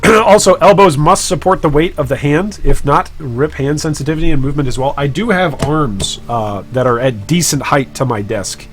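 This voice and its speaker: A man's voice: fairly high pitch, moderate pace, hardly any pauses, background noise. A man hosting a casual live stream while trading, joking about himself and chatting with viewers. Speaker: gaming streamer and guild leader.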